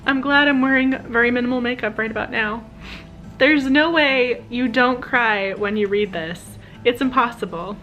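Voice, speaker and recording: A woman's voice: on the high side, moderate pace, dull audio, soft background music. A woman keeping a casual video diary at home, chatting and gushing about the books she is reading and checking in on the time. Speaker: book vlogger.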